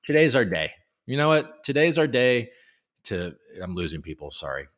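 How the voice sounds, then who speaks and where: A man's voice: medium pitch, very animated, normal speed, fairly bright tone. A man hosting a livestream, reading news headlines aloud in a casual way with joking asides. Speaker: host.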